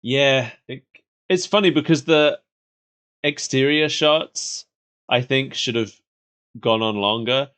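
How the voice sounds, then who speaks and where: A man co-hosting a podcast talks slowly in a medium-pitched, slightly bright, smooth voice. He chats casually about an old cartoon, laughing often.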